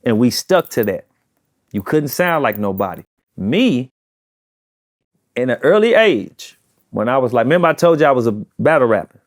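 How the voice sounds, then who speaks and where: A man's voice: medium pitch, big pitch swings, normal speed, long pauses, no room sound, studio quality. A man in his forties with a St. Louis accent, talking casually as an interview guest and repeating phrases for emphasis. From St. Louis, USA.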